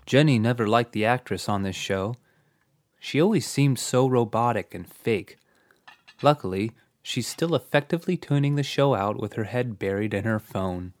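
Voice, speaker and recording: A man's voice: mid-range voice, moderate pace, no room sound. A man narrating a comic story in a dry, matter-of-fact way.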